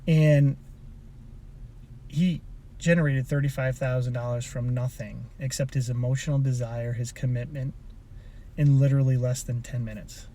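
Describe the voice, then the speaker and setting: A man's voice: mid-range voice, steady tone, normal speed, mellow, a little hiss or hum. A man who coaches people in personal development, telling a motivational story in a rambling, casual way from inside a car, often restarting his sentences. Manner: rambling, with frequent restarts and asides.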